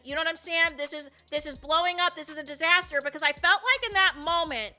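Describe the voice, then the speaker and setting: A woman hosting a podcast, recapping a reality show in an animated way and acting out what people said. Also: sits high, moderate pace, faint music behind. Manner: animated storyteller, acts out quotes, often says "you know what I'm saying". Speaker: podcast host.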